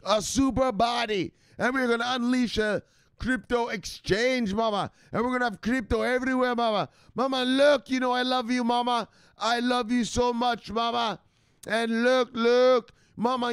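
A man voicing a whiny grown son hooked on crypto, pleading with his mother in a drawn-out way. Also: very high-pitched, fairly even intonation, fairly bright tone, clear, resonant tone, no echo, studio quality, pitched above the performer's own voice.

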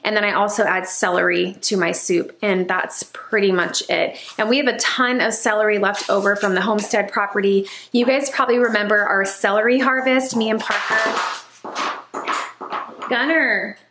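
A woman chatting casually to her vlog viewers, animated and storytelling. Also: medium pitch, moderate pace, slight background noise. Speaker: vlogger. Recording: echoey room.

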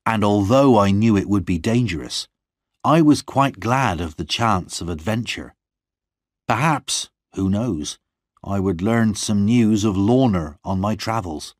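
A man with a very low, deep voice narrates a first-person story at a slow, measured pace. His reading is calm and even. The sound is dry and close to the mic, with no room around it. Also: dry recording. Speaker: audiobook narrator.

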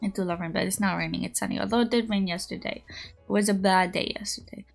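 A woman's voice: medium pitch, fairly even intonation, quick pace, gravelly. Rambling young woman streamer, music behind. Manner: rambling storytelling, squeals greetings to chat. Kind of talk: casual chat.

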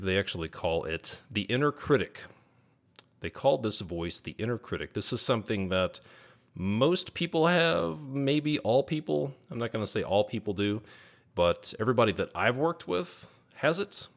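Man, podcast host, somewhat low voice, earnest coaching monologue, repeats points for emphasis. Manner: rattles off lists of negative self-talk.

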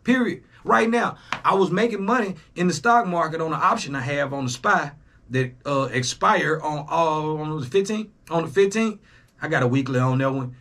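A young man, hosting a reaction channel in a casual, profane monologue that swings between loud jabs and low asides. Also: normal speed. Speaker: YouTube reaction host.

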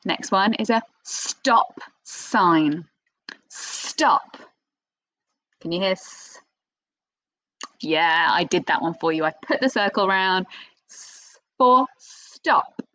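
A woman teaching young children a phonics lesson, speaking in an expressive sing-song teacher voice with little gasps of excitement. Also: lowish voice, slow, long pauses, no echo, rough recording. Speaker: primary school teacher.

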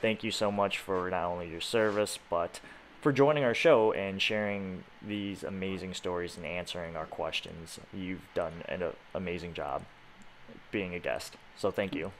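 A man's voice: sits low, moderate pace, slight background noise. A man hosting a podcast, thanking a guest and signing off in a friendly way. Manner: friendly, wraps up with scripted sign-off. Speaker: podcast host. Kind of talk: casual podcast chat.

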